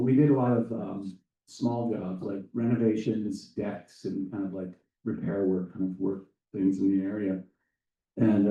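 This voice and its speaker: Deep-voiced man telling a story in an echoey room. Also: dark tone, recorded from a distance, dull audio. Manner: halting, thoughtful storytelling. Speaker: speaker giving welcoming remarks at a conference. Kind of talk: public speech with a personal story.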